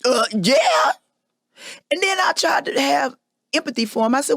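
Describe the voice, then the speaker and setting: Woman host, candid confessional monologue, gravelly tone, dry close recording. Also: high-pitched, huge pitch swings, moderate pace, fairly bright tone, no room sound. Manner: candid, emphatic storytelling. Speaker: podcast host.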